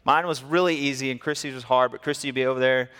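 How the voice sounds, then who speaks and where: A man preaching a sermon, telling stories in a lively way and acting out the people in them. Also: medium pitch, fast, smooth, long reverb tail. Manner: storytelling, animated, acts out quotes. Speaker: pastor.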